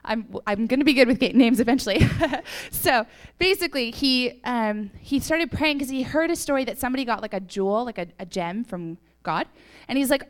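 A young woman with a fairly high, smooth and clear voice, speaking to a church crowd. She tells her stories chattily, full of laughs and fillers, and sounds a little sniffly. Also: lively intonation, fairly quick, few pauses. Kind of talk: casual testimony talk.

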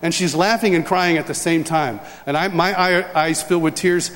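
A man's voice: a little high, moderate pace. A man telling a heartfelt story in a sermon and then leading a prayer, acting out the voices of the people in the story. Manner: animated storytelling, acting out dialogue. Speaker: preacher. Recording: reverberant hall, faint ambience.

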